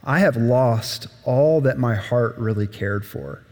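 A man's voice: mid-range voice, slow, a little mellow. A man voicing a greedy, remorseful king who pleads and exclaims, heard in a reverberant hall. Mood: grieving.

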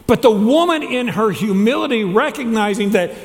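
A man's voice: high voice, lively intonation, brisk, few pauses. A man who is a chaplain preaching a sermon, asking the congregation question after question and answering them himself. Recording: long hall reverb.

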